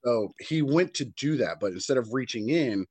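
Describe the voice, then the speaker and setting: A man in casual podcast chat, retelling a youth baseball game with lively energy and acting out the shouting. His voice sits at an ordinary pitch. It is recorded close and dry, with no room sound. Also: moderate pace, slightly rough, no echo. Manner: animated storyteller who acts out shouted quotes.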